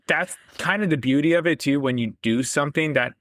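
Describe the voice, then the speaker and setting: A man's voice: on the high side, a little fast, fairly bright tone, no echo, clean studio sound. A man speaking as a podcast guest in a casual conversation, enthusiastic and self-deprecating, laughing often.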